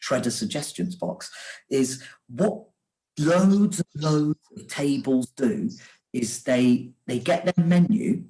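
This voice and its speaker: Guest, author type: animated, bouncy pitch, laughs mid-story. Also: male voice, rough recording. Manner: animated, laughing, quick restarts. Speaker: author and sandwich shop owner, guest. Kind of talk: casual storytelling chat.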